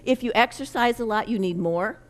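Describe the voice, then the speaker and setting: Middle-aged woman, energetic educator, folksy and chatty, leading a room of parents. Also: on the high side, fairly quick. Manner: lively, folksy, leads the audience in gestures. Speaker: nutrition educator presenting to parents. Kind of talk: interactive workshop talk.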